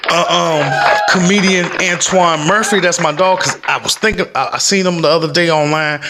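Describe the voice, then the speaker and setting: A man's voice: a little high, fairly even intonation, moderate pace, heavy background noise. A man chatting loosely from a desk at home in a rambling, slangy vlog. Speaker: stock-market vlogger. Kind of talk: casual rambling vlog chat.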